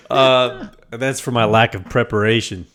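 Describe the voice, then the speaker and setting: A man's voice: medium pitch, fairly even intonation, slow pace, fairly bright tone. A man co-hosting a casual live stream, joking, rambling and swearing as he runs giveaways and trivia. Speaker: co-host running giveaways.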